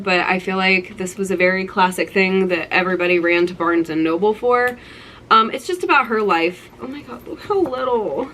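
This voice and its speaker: A woman's voice: lowish voice, fairly bright tone, a little hiss or hum, poor audio. Gushing young woman vlogger. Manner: gushing, nostalgic, full of "like". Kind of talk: casual show-and-tell vlog.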